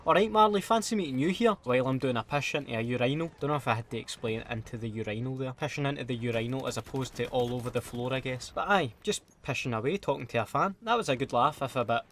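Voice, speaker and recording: Young Scottish male YouTuber, brisk storyteller, crude and self-deprecating. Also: medium pitch, a bit bright, a little hiss or hum. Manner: sweary, self-mocking, quick-talking. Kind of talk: casual storytelling vlog.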